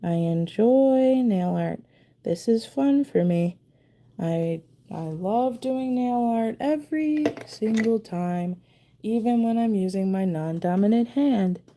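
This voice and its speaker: A woman talks slowly through a casual live stream while she paints her nails. Her voice is low, mellow and gravelly. She mutters to herself with self-deprecating asides as she concentrates. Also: lively intonation. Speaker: nail art streamer.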